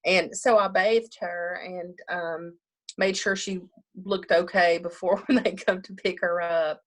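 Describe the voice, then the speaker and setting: A woman's voice: fairly low pitch, fairly even intonation, slow pace, a bit bright. A woman funeral director talking casually in an interview, chatty, often laughing and acting out what people say.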